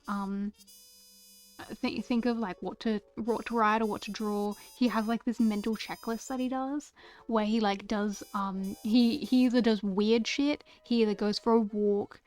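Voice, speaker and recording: Young woman streamer, slightly high voice, unhurried, gushing fan talk full of restarts, faint music behind. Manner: gushing, stammering with many repeated words. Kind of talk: casual chat about a favorite anime.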